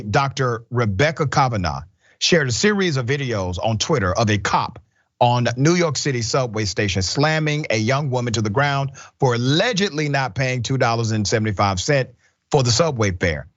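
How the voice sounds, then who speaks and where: A man's voice: medium pitch, lively intonation, normal speed, a bit bright, no room sound, highs cut off. A man hosting a news commentary show, stressing his points by repeating them.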